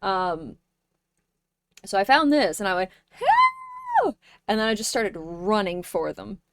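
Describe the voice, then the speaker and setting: A young woman streamer chatting casually with her viewers, playful and joking, with sudden loud bursts. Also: mid-range voice, animated, measured pace. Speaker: live streamer.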